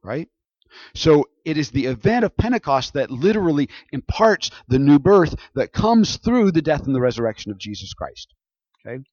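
A man's voice: fairly high pitch, very animated, normal speed, darkish tone, highs cut off. A man preaching a sermon in a conversational way, often checking in with his listeners. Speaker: pastor.

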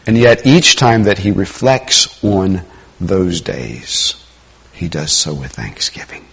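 Middle-aged male preacher, husky and a bit low, conversational sermon with loud peaks and quiet asides. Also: slow.

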